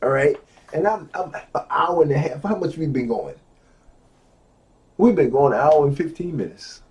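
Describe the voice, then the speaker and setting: A middle-aged man giving a lecture from a book, repeating key phrases slowly and swinging from low asides to loud exclamations. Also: animated.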